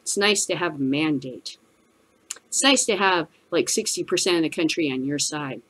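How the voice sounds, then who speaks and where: Profane ranting woman, low voice. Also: animated, normal speed, fairly bright tone, husky, low-quality recording. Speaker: cannabis news show host. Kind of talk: profane opinionated commentary.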